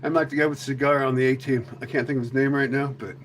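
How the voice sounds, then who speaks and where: A man's voice: mid-range voice, fairly even intonation, rapid-fire, slight background noise. A man chatting casually with viewers on a live stream, rambling and joking with mild swearing. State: a little out of breath after chasing goats.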